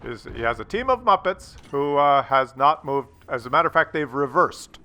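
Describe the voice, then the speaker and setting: A man giving casual, rambling commentary on a game replay, jokey and quick to get excited. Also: mid-range voice.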